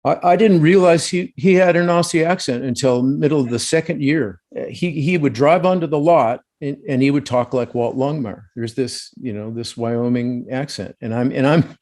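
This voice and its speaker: A man's voice: mid-range voice, moderate pace, few pauses, darkish tone. Chatty man on a video call. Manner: thoughtful, chatty, lots of "you know" fillers. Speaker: actor guest. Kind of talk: casual interview chat.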